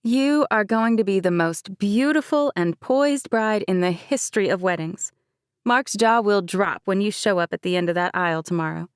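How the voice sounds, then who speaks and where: A woman's voice: medium pitch, moderate pace, smooth, dry recording, natural voice. Woman reader as a Southern-accented young agent, soothing but firm, dry close read. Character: upbeat young female FBI agent.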